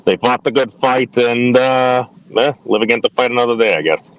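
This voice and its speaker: A man's voice: medium pitch, normal speed, highs cut off. A man from the greater Boston area co-hosting a live political chat, hesitant and often correcting himself. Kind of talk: casual chat.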